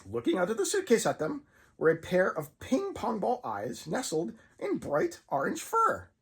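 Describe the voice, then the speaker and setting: A man's voice: high-pitched, huge pitch swings, moderate pace, husky, heavily acted. A man voicing a nervous male monster puppet who reads a horror story aloud and breaks off to comment on how scared he is. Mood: storytelling. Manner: jumpy, self-conscious asides about being scared. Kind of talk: reading a story aloud with asides.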